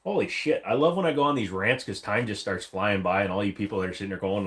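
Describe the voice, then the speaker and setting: A man with a lowish, fairly bright voice talks fast with hardly any pauses. He hosts a casual livestream from his room at home, seated against a wall, reading viewer comments and rambling with jokes and silly voices.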